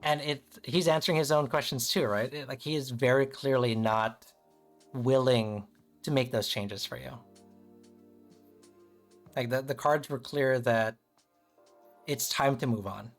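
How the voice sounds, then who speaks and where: A man with a medium-pitched voice talks a little slowly, leaving long pauses, while faint music plays in the background. He's a tarot reader and streamer doing a casual reading on a livestream, chatting loosely, checking in with listeners, and scattering "kind of" and "right?" throughout.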